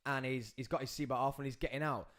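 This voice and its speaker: A man telling a story on his podcast, voice pitched in the middle for a man. He is excitable and acts out each scene, rising and falling in pitch and loudness as it unfolds. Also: fast talker. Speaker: podcast host. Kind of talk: animated storytelling.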